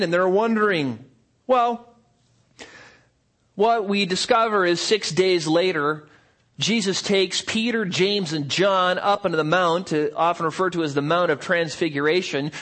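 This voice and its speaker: A pastor preaching a sermon at a church service, explaining earnestly and asking rhetorical questions. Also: male voice, high voice, a bit bright.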